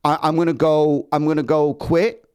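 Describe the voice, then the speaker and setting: The host of an actors' podcast chats and tells stories energetically, frequently stammering and repeating himself. He speaks at a normal speed in a fairly high, smooth voice.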